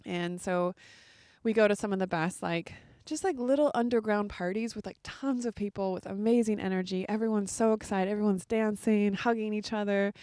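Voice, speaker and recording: A woman's voice: medium pitch, fairly quick, dark tone, dry recording, clean studio sound. A woman hosting a podcast, telling a personal story in a casual, chatty way full of filler words. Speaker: podcast host.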